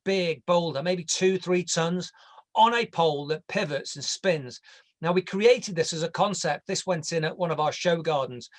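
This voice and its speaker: A man with an English accent presenting a landscape design online in a chatty, jokey way, sometimes tripping over his words. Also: a little high.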